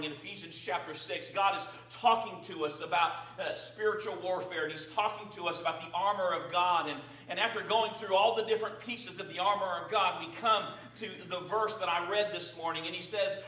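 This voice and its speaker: Male pastor, slightly high voice, casual sermon delivery, echoey room. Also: bright, forceful tone. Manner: prayerful, conversational with fillers. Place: church sanctuary. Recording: roomy, distant from the mic.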